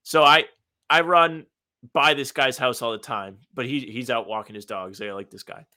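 A man's voice: mid-range voice, normal speed, bright, forceful tone. A man co-hosting a casual sports podcast, telling rambling stories with mock indignation. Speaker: podcast co-host.

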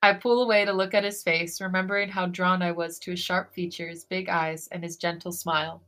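A woman co-hosting a podcast, reading a romantic fan fiction story aloud in a soft, intimate way. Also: lowish voice, little pitch movement, a little fast. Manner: soft, breathy romantic reading, then gushing and giggly.

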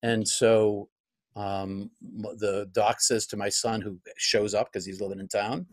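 A man's voice: fairly low pitch, level tone, measured pace. Middle-aged man, reflective storyteller. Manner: reflective, reenacts his own past thoughts, frequent restarts. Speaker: guest, pastor. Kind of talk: personal storytelling in an interview.

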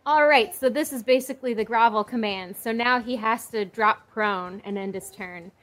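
A woman playing a tabletop game over voice chat, talking through rules quickly and eagerly. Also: on the high side, fairly bright tone. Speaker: player.

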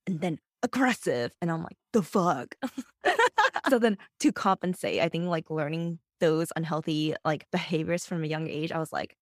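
A woman's voice: on the low side, no room sound, clean studio sound. A woman co-hosting a podcast in casual chat, blunt and frank, swearing and using lots of fillers. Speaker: podcast co-host.

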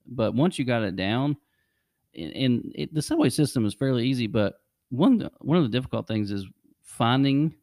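A man's voice: mid-range voice, lively intonation, moderate pace, a little mellow, no room sound, studio quality. A man hosting a podcast, rambling casually through travel stories and chuckling often. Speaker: podcast host. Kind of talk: casual chat.

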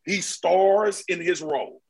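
A man's voice: high voice, takes it slowly, vocal fry, husky, poor audio. A man talking basketball in a casual, slangy, emphatic way on a podcast. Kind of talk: casual sports chat.

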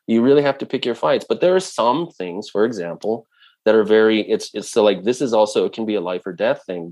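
A man talking earnestly and conversationally, often restarting his sentences. His voice sits somewhat low, with an easy, spoken rhythm. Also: darkish tone. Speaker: speaker on indigenous culture. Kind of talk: casual talk.

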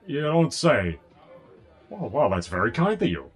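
A man's voice: mid-range voice, very animated, a little slow. An actor voicing a wary, hesitant male captain.

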